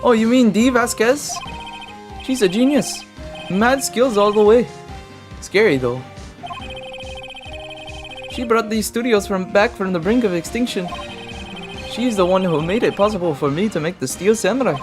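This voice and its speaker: A woman's voice: medium pitch, animated, moderate pace, pauses often, voice pushed up, lightly acted. A woman voicing an odd male TV director who talks in internet slang, with a put-on made-up accent, reading game dialogue aloud over game music. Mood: casual.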